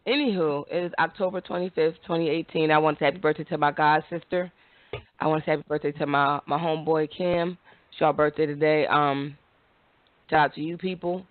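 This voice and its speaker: A woman's voice: low-pitched, fairly even intonation, brisk. A woman hosting an internet radio talk show, chatting casually, laughing and teasing her co-hosts back with mock exasperation. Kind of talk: casual chat. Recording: phone-like, dry audio.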